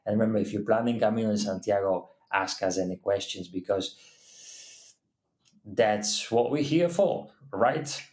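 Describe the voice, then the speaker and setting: A man co-hosting a casual livestream, talking in halting, non-native phrasing with many restarts. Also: fairly low pitch, a little mellow. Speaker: co-host of a livestream. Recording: echoey room.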